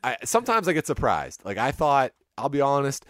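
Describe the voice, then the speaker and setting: Animated man ranting about a movie. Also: medium pitch, a little fast, no room sound, studio quality. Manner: rambling, wry, animated with restarts. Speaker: podcast co-host reviewing a movie. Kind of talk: casual chat.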